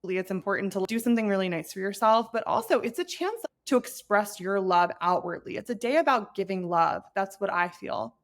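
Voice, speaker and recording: A woman's voice: medium pitch, expressive, a little fast, hardly any pauses. A woman in her thirties hosting an advice podcast, talking in an earnest, chatty way that turns emotional at times. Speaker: podcast host.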